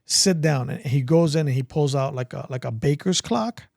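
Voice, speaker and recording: A man, telling stories in an animated, casual way and acting out dialogue. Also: medium pitch, brisk, gravelly, no echo, studio quality. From Brooklyn, New York. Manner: animated, acts out dialogue, many likes. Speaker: guest, veteran. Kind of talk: casual storytelling.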